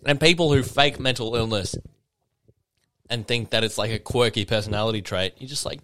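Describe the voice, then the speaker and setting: A man's voice: mid-range voice, a little fast, fairly bright tone, no room sound. A man hosting a casual solo podcast, ranting with swearing and mocking impressions, a bit tipsy. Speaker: podcast host.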